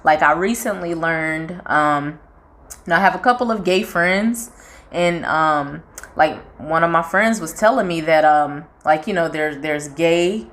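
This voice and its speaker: Young Southern-accented woman, low-pitched, frank and talkative in a casual chat. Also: unhurried, fairly bright tone. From North Carolina, US. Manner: frank and talkative, acts out quoted voices. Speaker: channel co-host.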